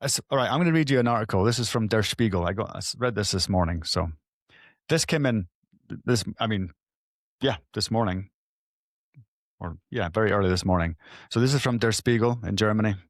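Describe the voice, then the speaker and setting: A man hosting an interview podcast in a low voice, sounding dry and close to the mic. He talks loosely and casually, stumbling and restarting as he reads and jokes aside. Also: no room sound. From former soldier. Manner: loose, halting, restarts and asides while reading. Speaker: podcast host.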